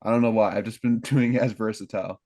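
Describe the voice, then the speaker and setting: A man's voice: medium pitch, little pitch movement, fast talker, darkish tone, no room sound. A young American man co-hosting a casual podcast, rambling and correcting his own slips with a laugh. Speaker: podcast co-host.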